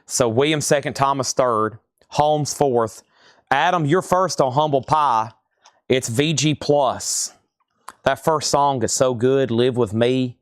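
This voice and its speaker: A man's voice: medium pitch, takes it slowly, smooth, dry recording, clean studio sound. A man hosting a live online record sale, casually running through record grades and prices. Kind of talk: live online sales stream.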